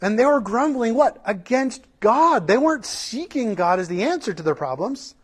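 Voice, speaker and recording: High-pitched guy preaching, lots of fired-up questions, talks earnest and loose. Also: very animated, normal speed, husky. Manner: passionate preaching with rhetorical questions; earnest, conversational asides with restarts. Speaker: pastor. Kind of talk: sermon.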